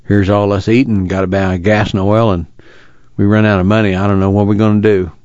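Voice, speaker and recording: Man reading anxious older farm dad, low drawl, dry lo-fi audiobook. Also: level tone, brisk, darkish tone, no echo, close to an everyday voice. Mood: worried. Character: worried older farm father. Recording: dull lo-fi recording.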